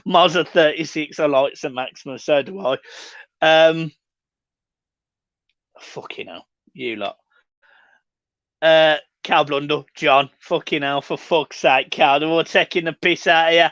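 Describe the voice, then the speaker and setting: A young man hosts a fan livestream, reading chat comments with sweary, laddish humour. His voice sits fairly high. The sound is dry and a little muffled. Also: a bit bright, no room sound. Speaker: fan channel host reading live chat.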